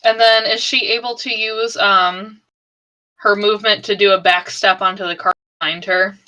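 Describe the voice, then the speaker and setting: A woman playing a tabletop game, talking in a chatty, animated way as a player. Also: mid-range voice, normal speed, low-quality recording.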